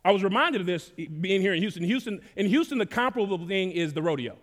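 Texas pastor guy, high voice, casual slangy preaching that gets loud, long church reverb. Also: animated, fast talker. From Dallas, Texas. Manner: conversational preaching with casual slang and swings in loudness. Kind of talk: sermon. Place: church sanctuary. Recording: long reverb of a large hall.

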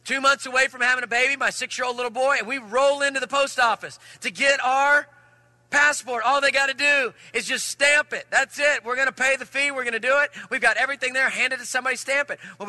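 A male pastor with a very high, sharply bright voice tells a story from the pulpit. He is animated, moving between loud and hushed delivery. The sound is dry and close. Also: fast talker, dry recording. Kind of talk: sermon with personal story.

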